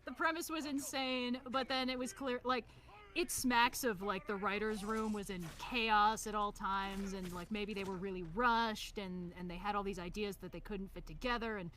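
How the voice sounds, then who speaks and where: A woman's voice: medium pitch, moderate pace. A woman chatting and joking as co-host over a gameplay stream, laughing often. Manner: lively, laughs often, slips into jokey voices. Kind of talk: casual chat over gameplay.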